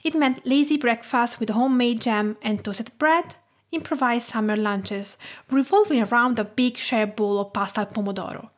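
A woman in her thirties from Tuscany with an Italian accent, calmly narrating her podcast in a measured, sometimes hushed way. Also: a little high. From Tuscany, Italy. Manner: calm, measured storytelling, often soft and hushed. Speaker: podcast host.

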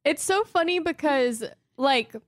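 A woman's voice: sits high, expressive, unhurried, no room sound, studio quality. Chatty young woman telling stories. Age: 30s. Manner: chatty storyteller, laughs often. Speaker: podcast co-host. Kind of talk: casual chat.

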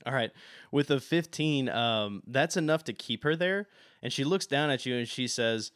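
A man narrating as game master of a tabletop role-playing game, relaxed and descriptive. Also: medium pitch, normal speed.

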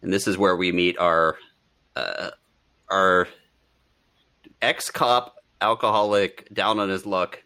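A man with a lowish voice and a bright, forceful tone. He rambles through a casual movie-review chat and laughs a lot as he talks. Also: fairly even intonation, slow, long pauses. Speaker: podcast co-host.

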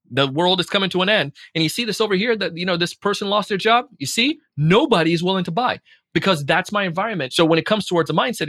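A man talking casually as a podcast guest, animated, acting out quoted voices. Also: fairly high pitch, husky, no echo, studio quality. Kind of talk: casual chat.

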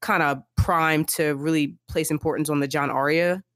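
A woman's voice: deep voice, moderate pace, no room sound, clean studio sound. A woman co-hosting a podcast, talking casually and with emphasis about a book chapter. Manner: animated, emphatic, repeats herself. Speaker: podcast co-host.

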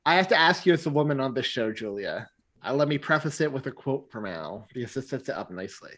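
A man with a mid-range voice talks casually as a podcast co-host. He keeps adding quick asides and little explanations for his listeners. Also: medium pitch, animated, fairly bright tone. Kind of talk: casual chat.

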